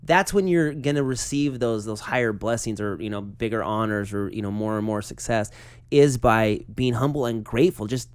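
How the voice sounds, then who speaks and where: A man's voice: fairly low pitch, normal speed, smooth, no room sound. Dry-sounding man hosting an interview. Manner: earnest, reflective. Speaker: host. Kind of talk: casual interview chat.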